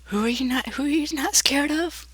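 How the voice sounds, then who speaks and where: A man's voice: fairly quick, background noise. A man doing an eerie whispery puppet woman. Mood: menacing. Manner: high whispery menacing voice. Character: eerie high female puppet animatronic.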